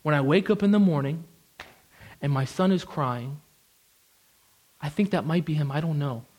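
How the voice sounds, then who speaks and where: A young man from the United States preaching a sermon, animated and emphatic, with casual asides and repeated phrases. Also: fairly high pitch, moderate pace.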